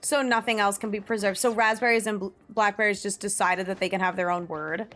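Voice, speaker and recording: A woman's voice: mid-range voice, fairly even intonation, brisk, a bit bright. A young woman streamer in casual live-stream chat, musing aloud and reading search results. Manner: chatty and musing, reads search results aloud with frequent laughs.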